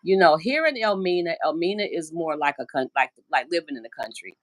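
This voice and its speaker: A middle-aged American woman hosts a casual livestream from home, speaking in a low, deep voice that's animated and fairly quick. She rambles chattily and slips into the voices of people she quotes, and her phone captures a dry, close sound without room echo.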